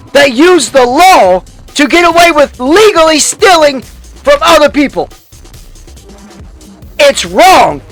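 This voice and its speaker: A man's voice: extremely high pitch, a bit bright. A man hosting a YouTube commentary, delivering a heated, profane rant full of restarts and angry outbursts.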